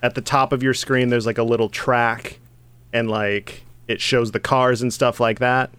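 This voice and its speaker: A man co-hosting a podcast in casual chat, animated and quick to laugh, with rambling asides. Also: medium pitch, clean tone, no echo. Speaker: podcast co-host.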